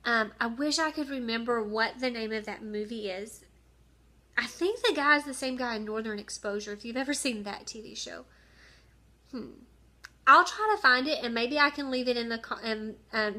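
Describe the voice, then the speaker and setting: Lady rambling on, bright forceful voice, kinda emotional casual chat. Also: fairly high pitch. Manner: chatty, rambling, emotional about her teachers. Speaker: teacher vlogger. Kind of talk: casual personal vlog.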